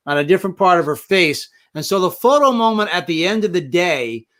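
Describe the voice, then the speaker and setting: An older man hosting an interview, telling stories at length with lively enthusiasm. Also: sits high, fairly quick. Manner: rambling storyteller, enthusiastic. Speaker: interview host. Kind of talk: casual interview talk.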